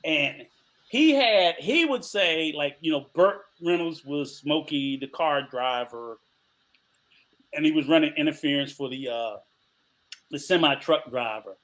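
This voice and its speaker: Animated bright-voiced older man telling stories. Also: on the high side, unhurried. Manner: animated storytelling, laughs often, acts out voices. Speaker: podcast co-host. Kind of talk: casual podcast chat.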